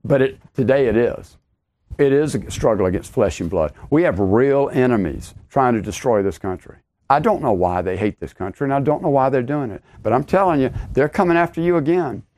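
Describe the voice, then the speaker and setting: A man's voice: medium pitch, lively intonation, fairly quick, darkish tone. A middle-aged man preaching a podcast sermon, emphatic, repeating his key lines and rising sharply on exclamations.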